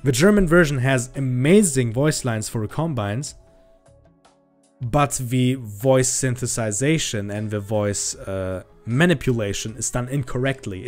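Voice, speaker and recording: A man's voice: medium pitch, darkish tone. A man chatting on a livestream in a casual, profane, ranting way that grows heated. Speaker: streamer. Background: faint background music.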